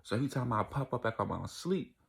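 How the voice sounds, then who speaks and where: A man's voice: mid-range voice, expressive, quick pace, vocal fry, a little hiss or hum. A young man telling a casual storytime vlog, acting out the voices of people in his story.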